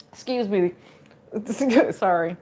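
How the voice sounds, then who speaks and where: A woman's voice: medium pitch, slightly rough. A woman giving a casual live tarot reading, chatty and joking with viewers and laughing often. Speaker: tarot card reader.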